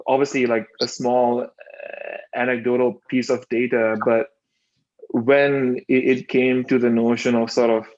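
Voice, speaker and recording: A man's voice: medium pitch, level tone, a little slow, a little mellow, muffled recording. A man in his twenties joining a casual discussion on a video call, talking tentatively and searching for his words. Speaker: audience participant.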